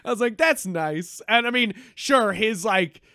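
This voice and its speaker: A man co-hosting a podcast, chatting casually about a film, animated and swearing freely as he acts out reactions. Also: high voice, measured pace, no echo, clean studio sound. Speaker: podcast co-host. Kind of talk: casual movie review chat.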